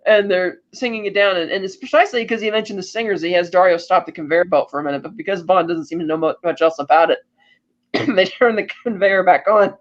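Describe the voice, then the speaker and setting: A man co-hosting a podcast, retelling a movie plot in a casual, animated way and jumping into quick voices for the characters. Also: sits high, dull audio. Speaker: podcast co-host. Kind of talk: casual film recap.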